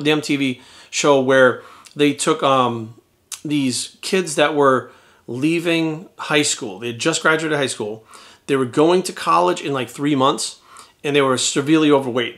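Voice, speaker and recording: A man, a fitness coach, telling a story in a casual monologue, blunt and full of swearing, and lively when he quotes people. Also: mid-range voice. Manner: animated when quoting others.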